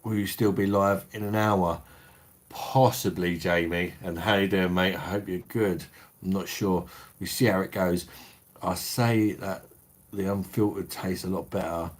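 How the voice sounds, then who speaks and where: A man's voice: low-pitched, fairly even intonation, a little slow. A middle-aged man with a Cockney and Kentish accent, casually chatting on a livestream and reading out viewer comments in a matey, sweary way. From South East England, London. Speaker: beer review livestream host.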